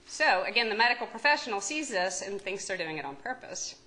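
Talking a little fast, the Kentucky-accented psychiatry professor uses a medium-pitched, expressive voice that sounds pushed and bright. She keeps her medical lecture conversational, joking around and quizzing the audience in the lecture room. Audio quality is poor.

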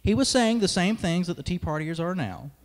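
A man's voice: high voice, expressive, fairly quick. A young man giving an emphatic political speech at a conference, with sarcastic asides. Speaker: conference speaker, radio host. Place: large hall. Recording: long hall reverb.

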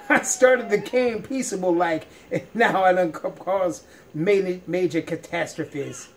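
A man's voice: high voice, slow pace, a little hiss or hum. A man giving playful let's-play commentary, laughing often as he talks. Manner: playful, laughs often, folksy drawl-like phrasing. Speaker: gamer.

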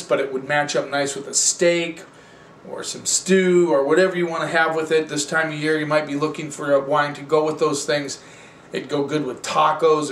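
A man hosting a wine show, tasting and reviewing wines in a relaxed, rambling, conversational way. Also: a little high, reverberant, far from the mic, slight background noise.

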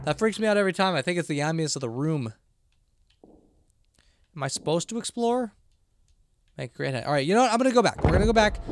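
A man's voice: on the high side, background noise. Sleepy rambling man streaming a game. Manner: rambling, self-talking, sleepy with yawns. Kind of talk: casual live game commentary.

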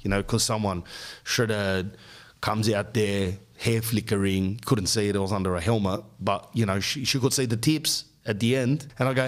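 A middle-aged man, a podcast host, telling a comic story in an animated, exasperated rant. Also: lowish voice, normal speed.

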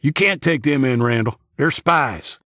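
A man's voice: mid-range voice, a little slow, bright, forceful tone, dry recording, studio quality, pitched above the performer's own voice. A man voicing a fat, bearded hillbilly who speaks in a crude, belligerent way. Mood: hostile. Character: fat bearded male hillbilly, hostile loudmouth.

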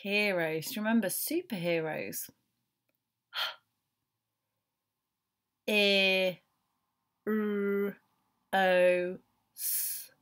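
A woman leads a phonics lesson for young children at a very unhurried pace. She sounds out each letter one at a time, then blends them into the word. Her voice sits at an ordinary middle pitch for a woman. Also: a bit bright. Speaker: teacher.

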